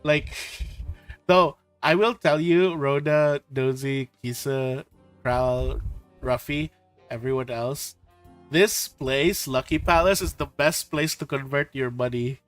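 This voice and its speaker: A man from the Philippines chatting casually with his viewers about trip photos, excitable, swearing and laughing often. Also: mid-range voice, slow pace, soft background music. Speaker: streamer host.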